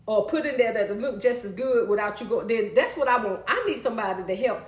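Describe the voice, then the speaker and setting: A woman hosting a casual live stream, chatty and loud, calling out to viewers and reading their comments. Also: fairly high pitch, lively intonation, fairly quick, echoey room.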